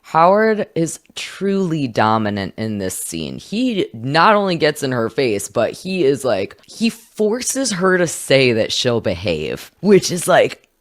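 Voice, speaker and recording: A woman's voice: a bass voice, big pitch swings, slow pace, hardly any pauses. A woman hosting a casual film-review podcast, talking animatedly and acting out quotes.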